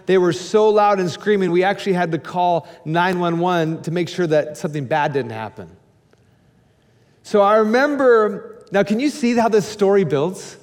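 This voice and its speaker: High-voiced animated preacher man. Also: long reverb tail. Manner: animated, candid, jumps to high excited shouts. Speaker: pastor. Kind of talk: storytelling sermon.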